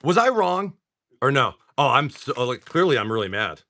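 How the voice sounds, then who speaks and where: Excitable man opening card packs on stream. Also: mid-range voice, moderate pace. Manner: excitable, swears often, exclaims over pulls. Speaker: livestream card seller. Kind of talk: casual livestream pack-opening chat.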